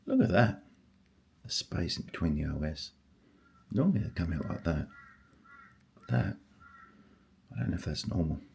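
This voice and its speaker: An older man who collects stamps, talking casually and husky-voiced, murmuring and exclaiming to himself as he sorts. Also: sits low, big pitch swings, normal speed, pauses often, darkish tone, a little hiss or hum. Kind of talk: casual vlog, thinking aloud while sorting.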